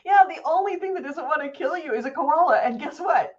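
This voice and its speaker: Lively woman chatting on a lo-fi stream. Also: sits high, brisk. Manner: animated, swearing storyteller. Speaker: podcast co-host. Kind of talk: casual chat.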